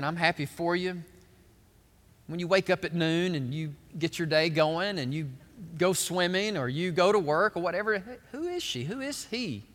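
A middle-aged man preaches a sermon with a bright, high voice, telling folksy stories with animated swings in tone. His voice rings out with a long reverb from a large church hall. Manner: animated, folksy storytelling with big swings up in pitch. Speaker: pastor.

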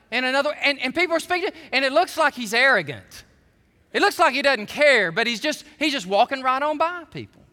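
A man pastor preaching a sermon, telling animated stories with stammering restarts. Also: sits high. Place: church sanctuary. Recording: long hall reverb.

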